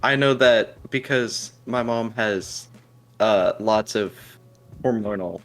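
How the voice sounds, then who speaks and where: Tired, halting young man, morning voice. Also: on the low side, a bit bright. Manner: hesitant, halting, nervous laughs. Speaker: guest from chat. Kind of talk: casual group chat.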